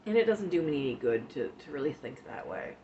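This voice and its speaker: A woman streamer chatting casually with her viewers, emotional and tearful at times, talking in slow, halting bits with many pauses. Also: low voice, big pitch swings, mellow. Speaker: live streamer. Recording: dull lo-fi stream audio with faint hiss.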